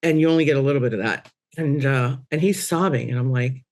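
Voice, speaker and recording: A middle-aged woman on a podcast panel, telling a personal story in a casual, animated way. Her voice jumps high when she quotes exclamations. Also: fairly quick. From Cuban-American family.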